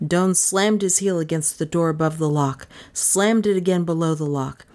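Female audiobook narrator, low voice, measured dramatic delivery. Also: a little mellow. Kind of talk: scripted narration of a crime novel.

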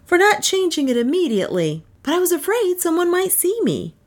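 A frantic, high-pitched male inventor shrieks his warnings, as a woman reading a storybook puts him on. His voice sits far above a normal man's and jumps around wildly. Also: wildly swooping pitch, brisk, full character voice. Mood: apologetic. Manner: shrill, urgent shouting.

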